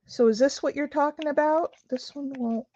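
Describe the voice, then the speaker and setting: A woman's voice: high-pitched, normal speed, mellow, no room sound. A woman hosting a craft video, chatting casually and asking questions as she works. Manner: chatty, asks questions while working. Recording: dry, dull lo-fi sound.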